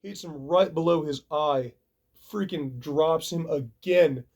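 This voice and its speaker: Brief: male vlogger telling a story, lively and casual, acting out the fight with sound effects. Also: a little high, slow. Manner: animated, acts out punches with sound effects. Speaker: video reviewer.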